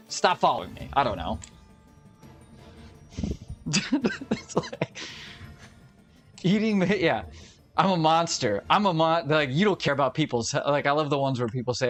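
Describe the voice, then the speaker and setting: A man's voice: on the high side, normal speed, pauses often, soft background music. A young adult man telling profane, ranting stories in casual chat while streaming. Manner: profane, ranting, animated storytelling.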